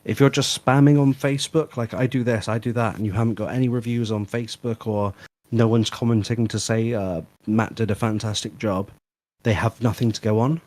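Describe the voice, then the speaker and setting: A man's voice: on the low side, fairly even intonation, fairly quick, a little mellow. A man giving practical business advice in a casual live stream chat, with chatty fillers. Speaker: guest and fellow tradesman.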